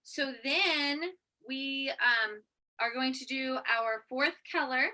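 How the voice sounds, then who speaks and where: Bright-voiced woman giving makeup steps. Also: high voice, slow. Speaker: co-host. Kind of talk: casual live makeup tutorial.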